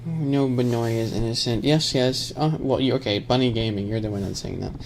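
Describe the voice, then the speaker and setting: A man's voice: medium pitch, a little fast, vocal fry, a little mellow, poor audio. A man streaming on camera, chatting casually in a rambling, jokey way and laughing often. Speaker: ASMR streamer. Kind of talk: casual live-stream chat. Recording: noticeable background noise.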